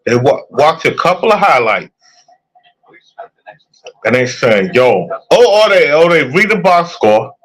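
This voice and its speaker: A man's voice: on the high side, sing-song, measured pace, fairly bright tone, poor audio. A young man in a casual, profane sports rant, heated and repetitive. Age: young adult.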